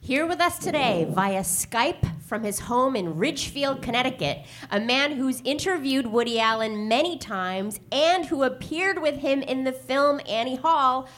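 A woman co-host reads a guest introduction slowly and deliberately. Her high voice rises and falls in a lively way, and a faint hiss of noise sits behind her. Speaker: co-host and scorekeeper. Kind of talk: scripted introduction.

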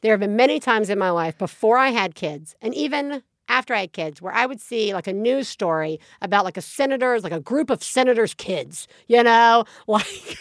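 Brief: woman in her thirties, parenting podcast co-host, slightly high voice, dry close sound, animated and profane. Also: normal speed, few pauses, dry recording. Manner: animated storytelling, acts out quotes, swears freely. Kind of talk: casual chat.

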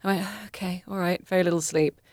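A woman on a comedy podcast telling an embarrassing travel story in an animated, self-mocking way. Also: fairly low pitch, quick pace, no room sound, studio quality. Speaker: contestant.

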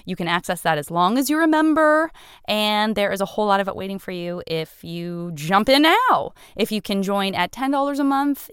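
A woman's voice: mid-range voice, a bit bright, smooth, no room sound, clean studio sound. A woman hosting a podcast, talking in a playful, emotional and self-mocking way. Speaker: podcast host. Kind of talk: podcast interview and fundraising message.

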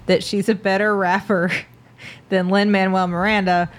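Teasing older sister, podcast co-host. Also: female voice, mid-range voice, level tone, measured pace. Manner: teasing, laughs often. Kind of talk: casual sister chat.

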